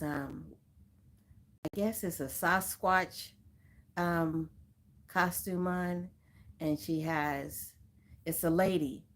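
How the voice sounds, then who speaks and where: Slow-talking woman chatting on a livestream. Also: fairly low pitch. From Southern California. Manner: chatty, greets viewers by name, laughs often. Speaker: livestream host. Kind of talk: casual livestream chat.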